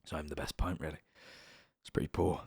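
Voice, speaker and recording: A man's voice: extremely low pitch, little pitch movement, a little fast, vocal fry, slight background noise. A young man with a British accent, chatting casually on a live stream and often correcting himself as he rambles. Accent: British English.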